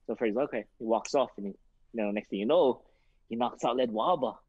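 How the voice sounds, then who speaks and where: This boxing trainer, a guest on a relaxed interview, talks fast in a mid-range, slightly rough voice, acting out the people in his anecdotes with plenty of fillers and lively energy. The audio is echo-free yet muffled, dull and lo-fi.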